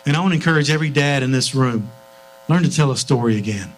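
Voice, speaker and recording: A man's voice: medium pitch, animated, fast, low-quality recording. A middle-aged man preaching a sermon in a church, telling family stories earnestly and often restarting his sentences. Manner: earnest storytelling, frequent restarts.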